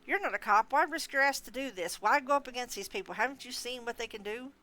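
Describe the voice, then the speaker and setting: A woman doing a nervous young man with a camera, his voice pushed up high and strained as he stammers and pleads in a storybook reading. He babbles fast, tripping over his own words. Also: pushed and bright. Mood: defensive. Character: jittery panicky young male photographer.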